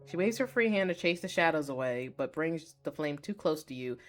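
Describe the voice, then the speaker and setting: A woman streamer reading a story game aloud live, excitable, swearing and reacting loudly between passages. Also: sits low, fairly quick, faint music behind. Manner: excitable, swears, squeals at cute moments.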